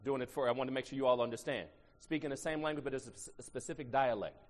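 A middle-aged man from Ohio with an Ohio accent, preaching a sermon. He swings between shouted emphasis and low asides and draws the congregation into call-and-response. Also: very fast. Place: church sanctuary. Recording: long reverb in a large hall.

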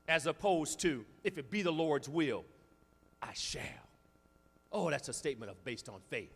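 A male pastor delivers a sermon in a fairly high voice. He builds to shouted climaxes, then drops to quiet, confiding asides. The voice rings out with the long reverb of a large hall. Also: very animated, moderate pace, husky. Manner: preaching with rising shouts and sudden quiet asides.

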